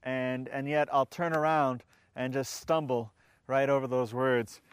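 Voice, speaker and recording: In a dry recording, a male pastor delivers a conversational sermon in a mid-range, smooth voice, flat and measured. He reads scripture aloud, frequently restarts his words, and poses questions to the congregation.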